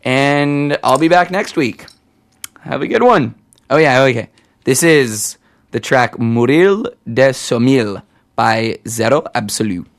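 A young man hosting a college radio show, chatting casually between tracks. He rambles, pokes fun at himself and fills his pauses with lots of ums. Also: medium pitch, animated. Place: radio studio.

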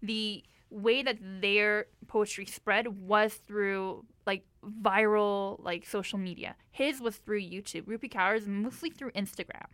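A young woman co-hosting a radio talk show in a bright voice at a middle pitch. She talks easily, with plenty of fillers. The sound is close and dry, with no room around it. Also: steady tone, unhurried, hardly any pauses, clean tone, no echo. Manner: easygoing, lots of fillers, brief agreeing interjections. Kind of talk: casual discussion.

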